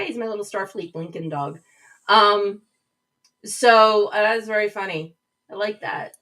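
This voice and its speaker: This livestream host chats casually, rambles with restarts and reads viewers' comments out loud. Her voice is medium in pitch, pushed and bright, captured by a webcam mic set a little back from the screen on a distant, rough recording.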